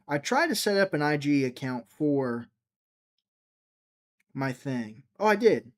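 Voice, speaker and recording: A man's voice: fairly high pitch, sing-song, slow pace. A man hosting a casual livestream, rambling and joking as he answers viewers' chat comments. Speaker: livestream host.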